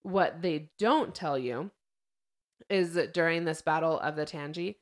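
A young woman chats casually as a podcast host, with a fairly low voice. She retells events in a loose, lively way and acts out what people said. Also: a little slow. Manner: chatty storyteller, acts out quotes.

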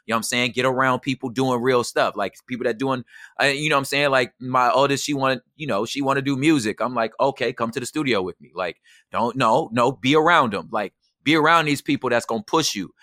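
A man talking as a guest in a casual interview, animated and slangy, often asking if he's understood. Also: medium pitch, brisk, no echo, studio quality. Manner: animated, slangy, keeps asking "you know what I'm saying". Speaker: poet and emcee.

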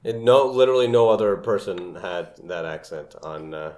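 A man's voice: deep voice, lively intonation, normal speed, darkish tone. Laughing young man rambling in casual chat. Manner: rambling, laughs often, frequent restarts.

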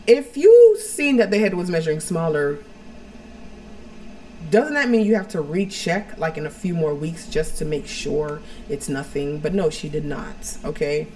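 A woman's voice: deep voice, animated, unhurried, warm tone. A woman co-hosting a podcast from home, telling a personal story in a frank, rambling way full of "like" and "you know". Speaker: podcast co-host.

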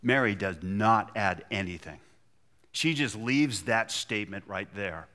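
A man's voice: on the low side, lively intonation, measured pace, sharp tone. A man preaching a sermon, retelling a scripture story and acting out the quotes with feeling. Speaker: pastor.

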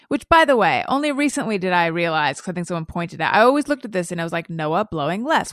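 A woman's voice: lowish voice, very animated, fast, hardly any pauses, no echo. A woman hosting a podcast in casual chat, reading out listener questions with a dry, wry manner. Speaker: podcast host. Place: podcast studio.

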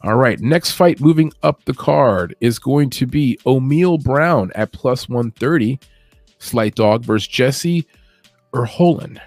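An American man hosting an MMA podcast, giving casual fight predictions with a chatty manner, joking asides and bursts of animated emphasis. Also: mid-range voice, slow, dry recording, faint music behind. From United States.

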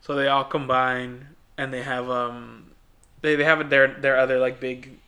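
A young man chats through a movie recap in a loose, rambling way, peppering his talk with "like" and acting out bits of dialogue. His voice has a bright, forward edge. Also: medium pitch, flat delivery, a little slow. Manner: rambling, filler-heavy retelling with quoted voices. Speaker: podcast co-host. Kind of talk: casual movie recap chat.

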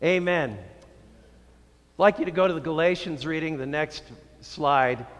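A male pastor delivering a sermon, preaching slowly and emphatically with drawn-out phrases. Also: fairly high pitch, in a large hall. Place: church sanctuary.

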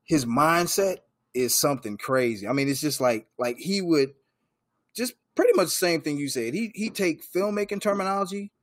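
A man hosting a podcast interview, talking in a relaxed, halting way with lots of fillers. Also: fairly high pitch, no echo, clean studio sound. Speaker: podcast host. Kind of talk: casual interview chat.

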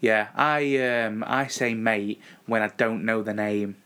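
A man co-hosts a casual podcast chat, telling anecdotes in a laid-back, dryly funny manner. His voice is fairly low and steady, slow, smooth, and a bit bright.

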